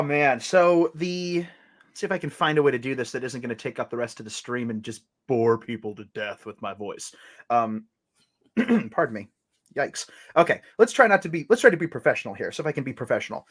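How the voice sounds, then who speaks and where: A man's voice: medium pitch, fairly quick. A man chatting as a guest on a casual livestream, playful and jokey. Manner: playful, jokey, does mock accents.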